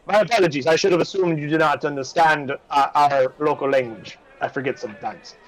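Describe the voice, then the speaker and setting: A man's voice: a little high, brisk, close to an everyday voice, low-quality recording. A man voicing a polite, formal male city gate guard in a tabletop game. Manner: courteous and apologetic.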